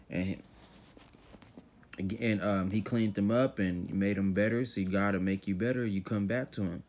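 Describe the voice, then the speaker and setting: A man's voice: fairly low pitch, darkish tone. A man teaching scripture in a loose, conversational way, reading verses and then explaining them in everyday slang, often saying "you know what I'm saying.".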